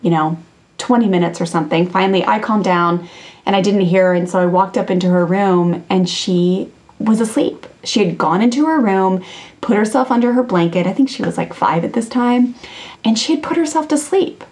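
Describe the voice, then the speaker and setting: A woman's voice: medium pitch, moderate pace, a little mellow. A woman in her thirties, a podcast host and parenting coach, telling a personal story in a chatty way, with many fillers and restarts. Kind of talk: casual storytelling monologue.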